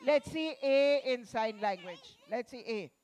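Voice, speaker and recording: A woman author leading a playful, interactive session with children at a festival, coaxing them with slow prompts. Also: on the high side, animated, a little mellow. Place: festival venue.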